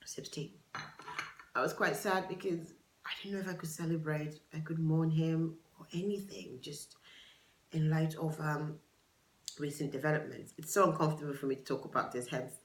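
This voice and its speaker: A woman's voice: low voice, fairly even intonation, normal speed. Woman gabbing on her podcast, gossipy, keeps going off on sidebars, roomy echo. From United Kingdom. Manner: chatty, digressive, gossipy, with dramatic asides. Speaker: podcast host. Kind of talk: casual solo podcast chat. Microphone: camera for a video podcast.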